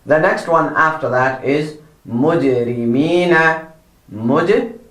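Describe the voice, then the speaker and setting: A man's voice: fairly high pitch, slow pace, fairly bright tone, reverberant. A man teaching children Quran pronunciation, drawing out each model word, repeating corrections and praising them. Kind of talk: slow, patient pronunciation lesson for children.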